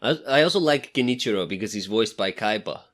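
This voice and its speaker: Relaxed chuckling guest in casual chat. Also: mid-range voice, quick pace.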